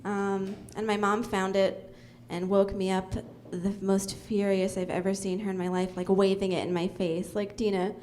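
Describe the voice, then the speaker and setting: A young woman doing a deadpan stand-up comedy set on a club stage, with many ums and uhs. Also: medium pitch, normal speed, few pauses, slight background noise.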